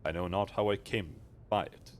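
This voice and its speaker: A man's voice: deep voice, steady tone, moderate pace, slight background noise, close to an everyday voice. A man voicing an aloof mystic woman in a fantasy game who can reshape souls, speaking in a grave, archaic, condescending way. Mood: solemn.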